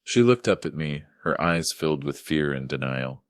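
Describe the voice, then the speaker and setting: An older man narrating a scripted first-person story in a measured, grave manner. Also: a bass voice, expressive, dry recording, studio quality.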